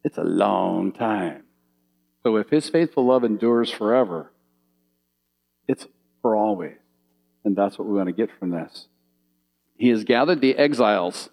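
A man's voice: lowish voice, measured pace, gravelly, pauses often, low-quality recording. A man preaching a sermon from slides, telling vivid little stories and asking the audience questions. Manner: animated storytelling, asks the audience questions.

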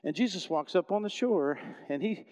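A middle-aged man preaching a sermon in a conversational storytelling way, often restarting sentences and swinging between loud and soft. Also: sits high, expressive, normal speed, in a large hall. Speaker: pastor.

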